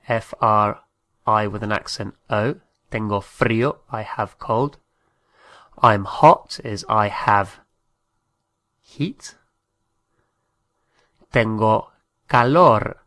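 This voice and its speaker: A man's voice: on the low side, fairly bright tone, dry recording. A man giving a patient language lesson, spelling out words letter by letter. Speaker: Spanish teacher.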